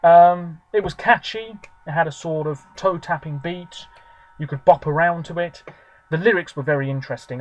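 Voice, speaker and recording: A man's voice: fairly high pitch, normal speed, low-quality recording. A man in his twenties, rambling chattily with lots of fillers as he reviews something on camera. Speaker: video reviewer. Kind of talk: casual solo review monologue.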